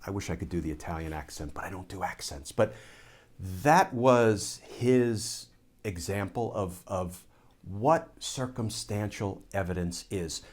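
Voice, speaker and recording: A man from the United States with a fairly low voice talks straight to the camera as a legal commentator. He lays out his points deliberately, circling back to rephrase key ideas for emphasis. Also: expressive, darkish tone. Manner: measured and explanatory, restating phrases for emphasis. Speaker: former Army lawyer turned legal commentator. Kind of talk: solo commentary video.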